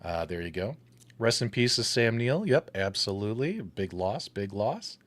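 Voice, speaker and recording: A man with a somewhat low voice chats loosely on a gaming live stream. He wanders between thoughts, leaning on fillers and asides as he co-hosts. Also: big pitch swings, moderate pace, fairly bright tone. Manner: laid-back, rambling, filler-heavy. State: catching his breath. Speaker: co-host of an arcade gaming show. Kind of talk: casual live-stream chat.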